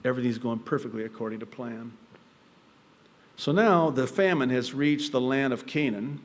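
Man, pastor, sermon, animated storyteller, middle pitch, echoing hall. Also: moderate pace. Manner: animated storytelling, acting out the characters' quoted lines. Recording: long reverb of a large hall.

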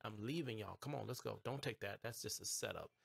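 A man hosting his own live game stream, trash-talking and reacting loudly as he plays. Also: on the low side, brisk, creaky, husky, no room sound, clean studio sound. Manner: excitable, talks back to the game, trash-talking; bursts into shouts and squeals when surprised. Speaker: gaming streamer host. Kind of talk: live gameplay commentary.

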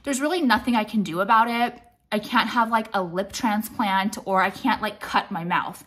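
A woman in her late thirties talks through her makeup routine in a blunt, rambling, foul-mouthed way. She sounds a little out of breath as she goes. Her voice sits at an ordinary middle pitch for a woman. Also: normal speed, fairly bright tone. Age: late 30s. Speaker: beauty vlogger. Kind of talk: casual makeup tutorial chat.

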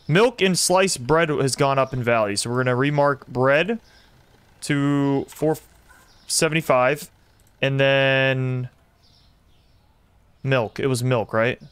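A young man streaming a simulator game, commenting excitedly and talking to his chat as he plays. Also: medium pitch, slow, pauses often, clean tone, no echo. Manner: excitable, talks to chat while playing. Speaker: gaming streamer. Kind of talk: live gameplay commentary.

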